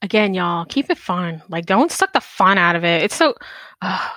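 A woman's voice: fairly low pitch, animated, moderate pace, fairly bright tone, no echo. A woman hosting a casual podcast interview, gushing and laughing often. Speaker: podcast host.

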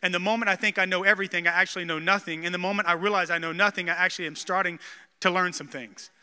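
Brief: thirties pastor, lively storytelling sermon, very bright tone. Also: male voice, sits high, rapid-fire, clear, resonant tone, in a large hall. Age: 30s. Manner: energetic, storytelling with frequent restarts.

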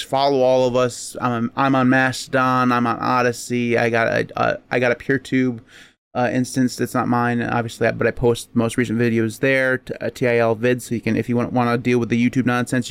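A man's voice: medium pitch, gravelly, clean tone. A man hosting a casual podcast, talking in a rambling, laid-back way. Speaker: podcast host.

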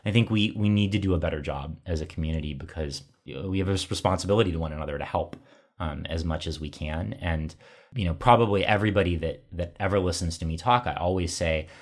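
Low husky-voiced man, thoughtful. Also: quick pace. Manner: thoughtful, self-deprecating, many restarts and "you know". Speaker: company executive, guest. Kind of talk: conversational interview answers.

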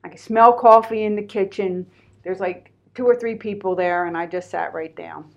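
A middle-aged woman from Pennsylvania recounts her own story as an interview guest. Her delivery is candid and animated, full of ums and likes, at an ordinary pitch for a woman. The audio is a little dull and lo-fi. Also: moderate pace, gravelly. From Pennsylvania, USA. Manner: animated, candid, heavy use of fillers. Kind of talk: personal storytelling in conversation.

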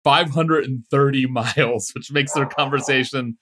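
A man guesting on a podcast, chatting about a book with wry, deadpan humor. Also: mid-range voice, moderate pace, background noise. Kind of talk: casual book discussion.

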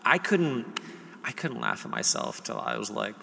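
A middle-aged man in casual podcast chat, animated as he acts out family banter. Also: lowish voice, moderate pace, vocal fry. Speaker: podcast co-host. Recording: long hall reverb, faint noise.

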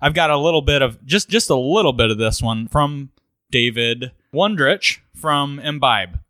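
A man co-hosting a podcast, chatting casually, relaxed and chuckling as he thinks aloud. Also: mid-range voice, moderate pace, dry recording, studio quality. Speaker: podcast co-host. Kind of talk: casual chat about cocktails.

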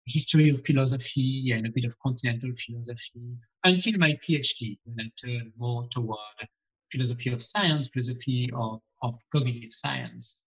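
A man's voice: mid-range voice, a bit bright, rough recording. French guy with a strong accent, middle-aged prof, talks in restarts, kind of reflective. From France. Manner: thoughtful, with frequent repetitions and restarts. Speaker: philosophy professor, guest. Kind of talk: academic interview answers.

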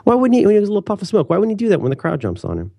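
Podcast co-host, man in his 30s, rapid rambling chat, dark mellow voice. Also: sits high, gravelly, slightly rough, no echo. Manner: rambling, self-interrupting, animated. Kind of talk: casual chat.

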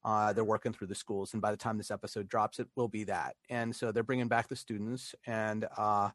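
A man from Pittsburgh co-hosting a podcast, upbeat and quick to laugh, with lots of "uh" and "you know" as he talks. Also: on the low side, flat delivery, fairly bright tone, dry recording. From Pittsburgh, United States. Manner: upbeat, laughs easily, many fillers. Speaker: podcast co-host. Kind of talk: casual chat.

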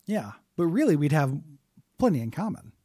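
Casting: male podcast co-host, slightly raised pitch, dry close sound, joking and loose. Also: sing-song, dark tone, breathy edge, no room sound. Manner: joking, drops into a slow low put-on voice. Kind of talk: casual comedic chat.

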